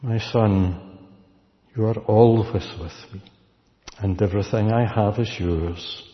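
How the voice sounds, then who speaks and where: A man voicing a loving father who pleads gently and slowly with his son. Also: on the low side. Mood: tender. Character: tender pleading old father. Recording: dull recording with long hall reverb.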